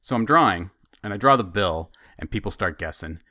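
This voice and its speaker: A man with a fairly low but very bright voice, swooping up and down as he tells an animated family story. He sounds close and dry, with a lively, chatty delivery. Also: brisk, dry recording. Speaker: podcast co-host. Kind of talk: casual chat.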